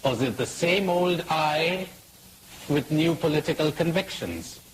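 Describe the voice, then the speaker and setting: A man giving a spiritual talk, asking slow reflective questions and telling jokes. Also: on the high side, expressive, reverberant, in a large hall, low-quality recording. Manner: storytelling with jokes, laughs at own punchlines. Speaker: spiritual teacher. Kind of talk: recorded public talk. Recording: faint hiss, 1980s talk recording.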